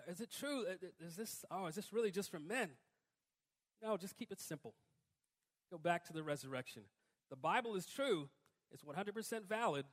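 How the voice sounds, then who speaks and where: A man with a high, light voice delivers a sermon. He talks casually to the congregation and now and then lifts into loud, emphatic bursts. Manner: conversational preaching, rising to emphatic outbursts. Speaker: pastor.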